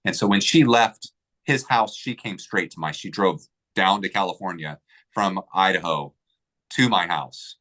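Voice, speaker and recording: A man's voice: deep voice, measured pace, bright, forceful tone. A man telling a personal story in a casual interview, getting emotional, swearing freely and acting out what people said.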